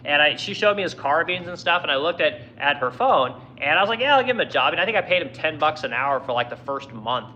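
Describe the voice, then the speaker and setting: A man's voice: a little high, lively intonation, a little fast, hardly any pauses, bright, forceful tone, highs cut off, slight background noise. A man who owns a furniture business, ranting angrily and swearing constantly in a heated monologue. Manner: profane, angry, heated. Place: furniture workshop in Missouri.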